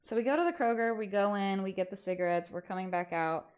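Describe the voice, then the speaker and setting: Speaking fast at a medium pitch, a young female streamer relates a story with lots of energy and plenty of swearing. She acts out the voices of whoever she's quoting, and the lo-fi recording comes across a bit dull.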